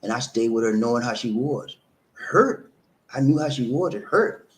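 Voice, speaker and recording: A middle-aged man tells viewers about his own past. He talks emphatically, keeps adding "man" at the end of lines, and laughs at himself, at a middling pitch for a man. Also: expressive, moderate pace. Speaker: vlog host. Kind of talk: personal storytelling to viewers.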